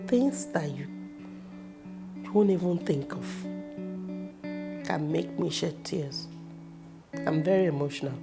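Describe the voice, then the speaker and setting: Expressive Nigerian woman, low gravelly voice. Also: slow pace, pauses often. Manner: expressive, animated storytelling with sudden loud bursts. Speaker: actress in a personal interview. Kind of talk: casual personal storytelling. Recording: music playing behind the voice.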